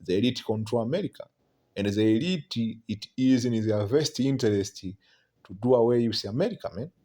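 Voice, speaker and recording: A man's voice: medium pitch, lively intonation, warm tone. Man preaching prophecy, repeating "man". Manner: keeps tagging lines with "man", halting repeats; reads scripture aloud between remarks.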